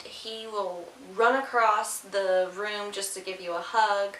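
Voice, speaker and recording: A woman's voice: mid-range voice, fairly even intonation, slow pace, few pauses, a bit bright. A young woman, a mother vlogging to camera, chatting casually and rambling with fillers, tired from lack of sleep. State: sleep-deprived. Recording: echoey room with faint hiss.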